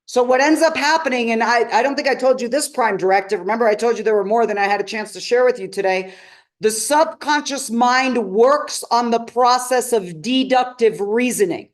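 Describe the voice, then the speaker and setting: A woman's voice: on the high side, normal speed. A woman coach teaching a live seminar, emphatic and often asking her audience questions. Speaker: transformational coach.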